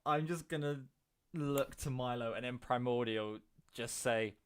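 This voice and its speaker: A young man playing a tabletop role-playing game, speaking in character with a gruff, begrudging, protective tone. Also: medium pitch, unhurried. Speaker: player.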